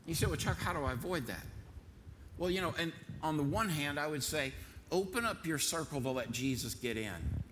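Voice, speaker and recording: A man's voice: fairly high pitch, lively intonation, moderate pace, noisy background. A man preaching a sermon as pastor in a church, telling folksy stories and repeating phrases for emphasis. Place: church sanctuary.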